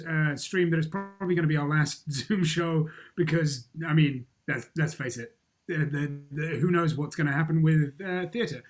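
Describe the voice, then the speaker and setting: A man chatting on a video call, rambling with stumbling restarts and laughs between words. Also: fairly high pitch. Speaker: cast member. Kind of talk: casual chat on a video call.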